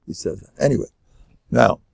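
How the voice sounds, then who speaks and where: A man's voice: moderate pace, no room sound. An older man, a rabbi teaching a class, lecturing live to an audience in a joking way and sprinkling in Yiddish and Hebrew terms.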